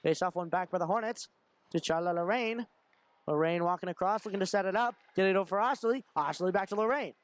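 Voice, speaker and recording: A young man giving fast running play-by-play of a hockey game, shouting when shots and goals come. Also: sits high. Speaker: play-by-play commentator. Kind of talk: amateur hockey play-by-play commentary.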